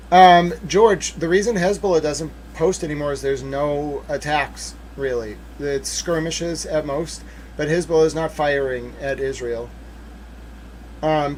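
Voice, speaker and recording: A man's voice: fairly high pitch, slight background noise. A man hosting a casual livestream, talking through documents and joking playfully with his chat. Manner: chatty, playful, emphatic when excited. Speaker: livestream host.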